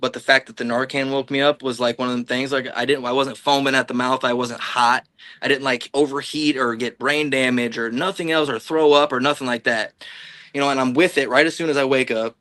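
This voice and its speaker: On a dry recording, a man with a medium-pitched, bright, forceful voice guests on a podcast. Hailing from the Illinois-Iowa border, he rambles profanely through a lengthy personal story and acts out the quoted lines.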